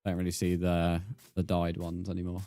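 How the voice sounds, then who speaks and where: A man's voice: deep voice, moderate pace, no echo, faint music behind. A young British man live-streaming a game, chatting casually and answering his viewers' messages. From Britain. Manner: relaxed, reads chat aloud and answers viewers, says "mate". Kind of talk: casual live-stream chat while gaming.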